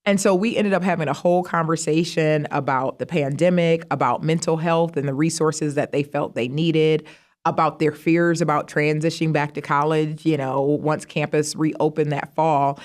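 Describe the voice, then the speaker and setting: Animated woman telling stories in an interview. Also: moderate pace. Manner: animated, jumps high in pitch when quoting herself. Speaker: guest, university vice president of student affairs. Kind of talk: casual interview storytelling.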